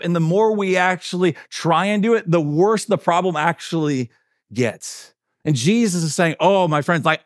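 Relaxed pastor with a dry, close sound. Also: male voice, medium pitch, no echo. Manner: casual, filler-heavy, checks in with listeners. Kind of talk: conversational sermon.

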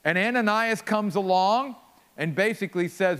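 A man's voice: high voice, normal speed, a bit bright, big-room sound. A man preaching an earnest sermon, piling up repeated phrases for emphasis. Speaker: pastor.

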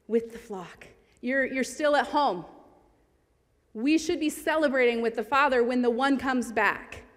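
Female preacher, slightly high voice, earnest conversational sermon delivery, hall reverb. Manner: earnest and conversational, reads scripture aloud.

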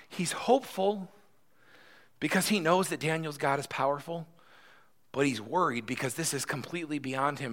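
A man's voice: mid-range voice, fairly bright tone. A male pastor giving a conversational sermon, retelling a story and often checking in with "right?".

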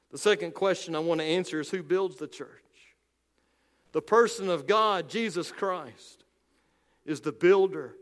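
A male pastor preaching a sermon with emphasis, slowing down and dropping low on key phrases. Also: a bit bright, long reverb tail.

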